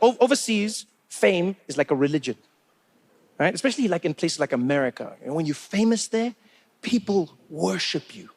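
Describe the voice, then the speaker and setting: A man from Africa, telling stories on stage in a chatty, animated stand-up comedy style, on a handheld mic. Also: fairly high pitch. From South Africa. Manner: chatty, animated, acts out characters. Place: stage at a live show.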